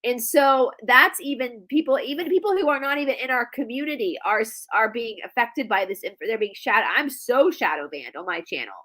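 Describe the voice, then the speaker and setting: Brief: woman guest, high voice, stuffy congested nose, brash and animated. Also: fairly quick, few pauses. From United States. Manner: animated, laughing and swearing freely. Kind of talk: casual chat.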